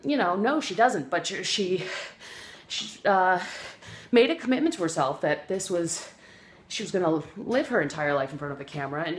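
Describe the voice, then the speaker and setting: A woman giving an earnest, rambling comic self-help talk, full of fillers and restarts. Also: on the low side. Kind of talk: comic motivational monologue. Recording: echoey room.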